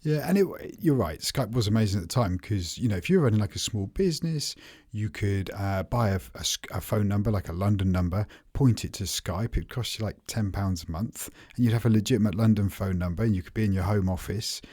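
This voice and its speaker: A very low-voiced man co-hosts a relaxed tech podcast, rambling a little and tripping over his own words. His voice is recorded close and dry, with no room sound. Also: a little fast, few pauses, dry recording. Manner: chatty, repeats and restarts words. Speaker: podcast co-host. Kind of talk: casual tech chat.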